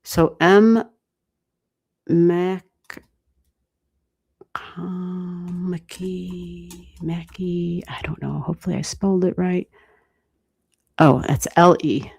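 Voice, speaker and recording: An American woman giving astrology readings on a livestream, thinking aloud and chatting with viewers in a relaxed way, with the odd swear word. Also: fairly low pitch, drawn-out words, vocal fry, long pauses, husky. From United States. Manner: thinks aloud, talks to chat, mild swearing. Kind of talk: casual livestream chat.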